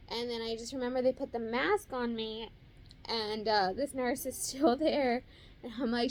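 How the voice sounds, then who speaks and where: A woman's voice: fairly high pitch, steady tone, slight background noise. Emotional young woman retelling her birth. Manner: emotional, fast-paced retelling with many fillers. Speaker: vlogger telling her birth story. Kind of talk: casual personal storytelling.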